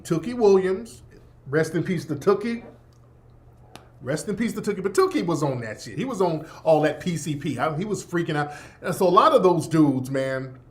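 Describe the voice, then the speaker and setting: Blunt, profane radio host. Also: male voice, fairly high pitch. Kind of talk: opinionated monologue. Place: Los Angeles.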